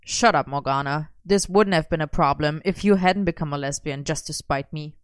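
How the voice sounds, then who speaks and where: A woman's voice: low voice, moderate pace, clean tone, dry recording, studio quality, pitched below the performer's own voice, lightly acted. A woman reading aloud, voicing a smug, bossy young man who teases his friend. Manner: bossy, commanding.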